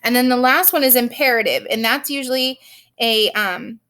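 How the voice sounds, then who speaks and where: A woman teacher walks children through sentences and spelling in a relaxed, chatty way, with plenty of ums and homemade examples. Her voice sits a little high. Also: normal speed. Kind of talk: recorded grammar and spelling lesson for children.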